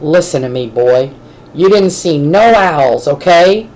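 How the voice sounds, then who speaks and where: A woman's voice: low-pitched, animated, slow pace, darkish tone, full character voice, low-quality recording. A woman voicing an angry, blustering male construction foreman who hollers threats. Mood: nervous.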